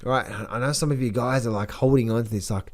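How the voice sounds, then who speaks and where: A man's voice: mid-range voice, quick pace. A man giving casual market commentary as a trading educator, blunt and rambling, with many repeated words.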